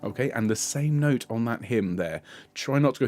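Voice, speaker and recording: A middle-aged man coaching a bass section, patiently explaining and singing lines to show how they go. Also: lively intonation, normal speed, darkish tone, no echo, studio quality, soft background music. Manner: demonstrates sung phrases between spoken instructions; encouraging, patient. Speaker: choir director. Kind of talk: choir rehearsal coaching.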